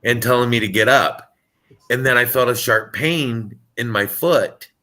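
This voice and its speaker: A man tells a personal story over a video call, his voice bright and clear. He talks casually and haltingly, often restarting and repeating words. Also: mid-range voice. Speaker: caller sharing a story.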